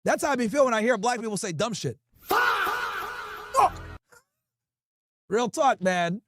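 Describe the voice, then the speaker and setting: Over a noisy background, a male livestream host talks quickly in a high voice with lively intonation. He chats casually with viewers, reading their comments aloud and responding to chat bluntly and profanely.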